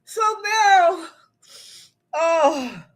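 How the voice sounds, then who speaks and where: A woman's voice: extremely high pitch, expressive, drawn-out words. A woman hosting a live show, telling stories in casual chat, laughing often and drawing out her exclamations.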